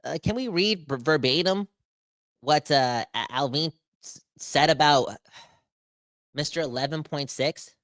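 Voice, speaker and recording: A man hosting a sports podcast, ranting with animated, emphatic exasperation. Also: on the high side, measured pace, long pauses, no room sound, studio quality. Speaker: podcast host.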